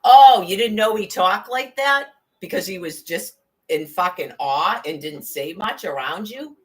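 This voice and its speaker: A woman's voice: medium pitch, lively intonation, measured pace. A woman in an angry, profane rant, firing off sarcastic rhetorical questions.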